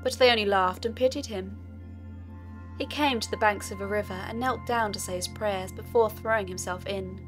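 A woman narrating a fairy tale audiobook in a steady storytelling manner. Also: medium pitch, moderate pace, over music.

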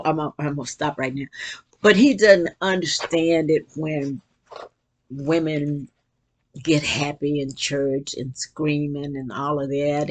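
An older woman talking casually about faith and joy in an earnest, rambling way, often restarting her sentences and breaking into bursts of excitement. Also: deep voice. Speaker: vlogger reading and reflecting on quotes. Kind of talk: casual spiritual reflection.

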